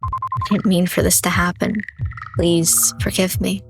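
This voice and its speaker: A woman's voice: fairly low pitch, little pitch movement, a little slow, loud music behind the voice. A woman voicing a guilt-ridden young widow who begs for forgiveness. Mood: pleading. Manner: pleading, apologetic.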